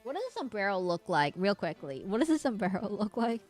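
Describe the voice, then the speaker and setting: Woman streamer, chatty and giggly, rambles while drawing, mid pitch, soft music in back. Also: expressive, normal speed, hardly any pauses. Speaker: livestreamer. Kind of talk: casual livestream chat while drawing.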